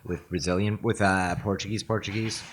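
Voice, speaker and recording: Deep-voiced deadpan podcast co-host man. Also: a little fast, slight background noise. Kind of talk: casual chat.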